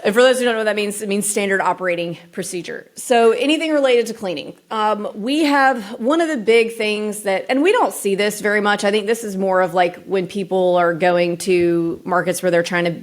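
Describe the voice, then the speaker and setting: A woman talking as a guest on an interview show. Her voice sits at an ordinary middle pitch. She tells stories in a relaxed, chatty way, with frequent filler words running through her sentences. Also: a little fast, few pauses. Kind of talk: casual chat.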